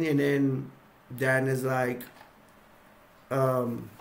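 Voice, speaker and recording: A man's voice: mid-range voice, level tone, takes it slowly, vocal fry, pauses often. A man casually retelling movie scenes in a rambling way, acting out the characters' lines. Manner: rambling, acts out lines, lots of fillers. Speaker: video reviewer.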